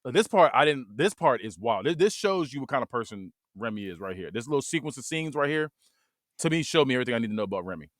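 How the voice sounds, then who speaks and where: A man hosting a podcast, recapping a movie in a loose, animated way and laughing often. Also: mid-range voice, fast talker, dry recording, studio quality. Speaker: podcast host. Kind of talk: casual movie review chat.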